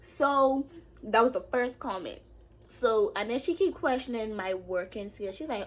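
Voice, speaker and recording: A young woman telling a casual storytime vlog, animated and sassy, swearing freely and talking back to a friend off camera. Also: a little high, a little slow.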